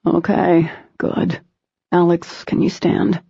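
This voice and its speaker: A woman voicing a gentle young male warrior who is calm and protective, speaking softly and reassuringly in an audiobook. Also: on the low side, slow, vocal fry, husky, dry recording, exaggerated voice. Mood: concerned. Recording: dull lo-fi recording.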